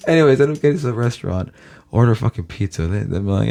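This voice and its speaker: A man's voice: fairly low pitch, expressive, fast, vocal fry, warm tone. A man from Los Angeles, a YouTuber, rambling casually to his viewers, swearing constantly and calling them guys.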